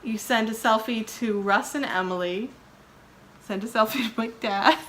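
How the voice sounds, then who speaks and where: A woman's voice: fairly high pitch, normal speed, slight background noise. A woman hosting a vlog, chatting casually and teasing her husband, laughing often. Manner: giggly, teasing, animated. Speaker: vlog host, wife. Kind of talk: casual chat.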